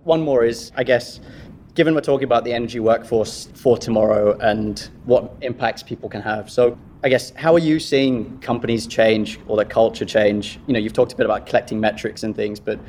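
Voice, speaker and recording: A man's voice: mid-range voice, a little fast, a little hiss or hum. A man from Kenya with a British accent, asking questions in a casual, chatty way during an interview. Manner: relaxed, chatty, laughs easily.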